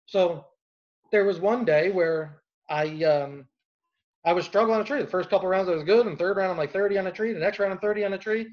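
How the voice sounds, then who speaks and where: A man with a fairly high voice tells a loose, rambling story, slipping into quoted back-and-forth between people. The recording is muffled and lo-fi. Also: brisk. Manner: rambling anecdotal with quoted dialogue. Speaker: storyteller host. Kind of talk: casual storytelling.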